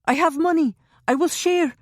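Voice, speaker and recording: A woman's voice: medium pitch, very animated, unhurried, a little mellow, breathy edge, dry recording, studio quality, voice pushed up, heavily acted. A woman voicing a panicked, boastful middle-aged male captive, frantic and pleading, then blustering.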